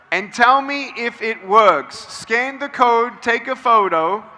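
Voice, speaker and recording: High, bright-voiced man rallying a crowd. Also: slight background noise. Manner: emphatic, repeats phrases for the crowd to echo. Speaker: motivational speaker. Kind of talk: addressing a large crowd, call-and-response. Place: outdoor event grounds.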